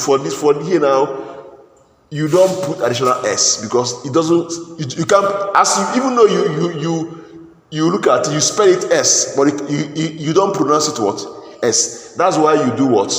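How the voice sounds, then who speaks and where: A man's voice: a little high, a bit bright. A man teaching an English grammar class, often asking the class "what?" and then answering himself, with many repeats and restarts. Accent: Nigerian English. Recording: echoey classroom with faint noise.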